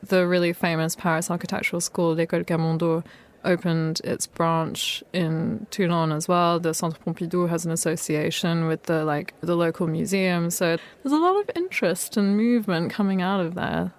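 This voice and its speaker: A woman co-hosts a radio programme from the studio, her voice sitting a little low for a woman. She talks in a relaxed, unhurried way and slips in small fillers as she explains. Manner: easygoing, uses fillers. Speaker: radio co-host. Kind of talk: radio show conversation.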